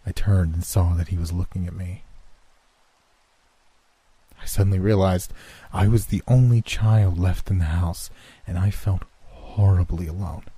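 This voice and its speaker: Deep husky male horror narrator. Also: fairly even intonation, measured pace, pauses often, dark tone, no room sound.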